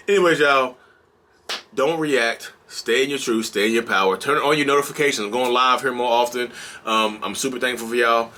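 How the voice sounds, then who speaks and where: A man vlogging about mental health, bouncing with energy and preaching in loose, colloquial talk. His voice is bright and forceful, with a medium pitch. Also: a little fast, a little hiss or hum. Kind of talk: casual direct-to-camera vlog.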